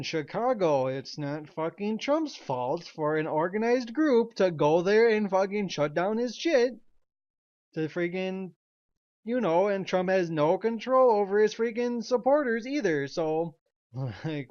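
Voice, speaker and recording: A man's voice: high voice, a little mellow. A man ranting as a commentary vlogger, swearing constantly and laughing between remarks. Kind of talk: angry profane rant. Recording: dull lo-fi recording.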